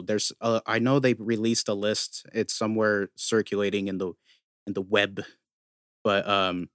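A man's voice: on the low side, fairly bright tone, dry recording, clean studio sound. A man co-hosting a casual gaming podcast, explaining things at length with lots of fillers. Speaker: podcast co-host.

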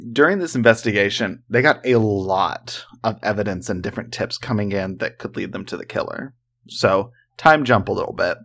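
A man's voice: fairly low pitch, moderate pace, gravelly, fairly bright tone. A man co-hosting a casual true-crime podcast, talking in a joking, rambling way full of fillers. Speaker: podcast co-host.

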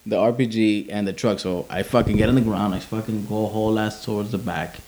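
A man's voice: lowish voice, a little fast, background noise. A man, an army veteran, telling a war story in casual, profane talk and acting out quotes. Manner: profane, animated, acts out quotes.

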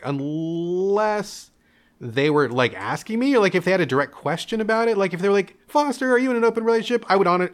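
A young man telling a candid personal story in an interview, animated, acting out his parents' voices and laughing often. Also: medium pitch. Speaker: interview guest.

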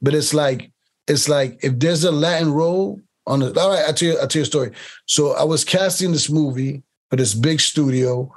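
A man's voice: fairly high pitch, moderate pace. Man talking through an interview, rambling. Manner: rambling, repeats words while finding his point; mimics other people's accents while telling stories. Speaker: casting director. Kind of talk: casual interview conversation.

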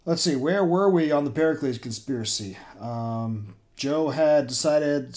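A man's voice: fairly high pitch, lively intonation, measured pace, few pauses, darkish tone. Chatty man reading his own novel. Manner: chatty, self-deprecating. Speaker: podcast host and author. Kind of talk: casual intro, then reading own novel.

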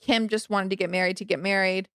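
A woman's voice: mid-range voice, level tone, fast, fairly bright tone, clean tone, no room sound, studio quality. A woman in casual pop-culture chat, chatty and opinionated.

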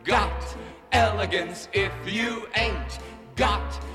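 A woman's voice: mid-range voice, extremely slow, over music. A woman singing as a young woman pretending to be elegant, in a comic Broadway number. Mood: jaunty. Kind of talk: Broadway cast recording singing. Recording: cast album with loud orchestra and reverb.

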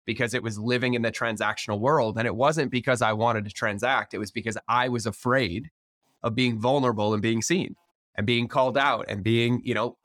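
A man hosting a podcast interview in casual chat, energetic and swearing freely, acting out the dialogue he quotes. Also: medium pitch, brisk, no room sound, studio quality. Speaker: podcast host.

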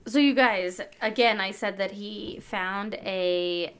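A woman's voice: mid-range voice, slow pace, smooth. A woman co-hosting a podcast, telling a true-crime story casually, full of fillers and swearing. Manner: profane, filler-heavy, quotes people in voices. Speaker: podcast co-host.

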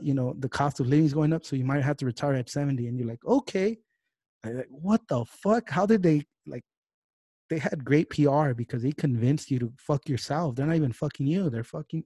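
A man's voice: fairly high pitch, dark tone, no echo, clean studio sound. A man hosting a podcast, ranting heatedly and swearing freely in casual talk. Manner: heated, profane, fast-talking rants. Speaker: podcast host. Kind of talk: casual political rant.

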